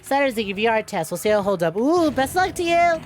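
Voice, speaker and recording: A woman's voice: on the high side, very animated, fast talker, darkish tone, a little hiss or hum. A woman streaming a game, greeting her chat by name, swearing freely and laughing often. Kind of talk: casual livestream chat while gaming.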